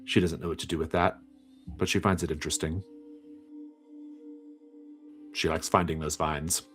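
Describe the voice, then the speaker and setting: A man narrating as game master in a measured, descriptive storytelling manner. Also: rumbling low, level tone, a bit bright, faint music behind.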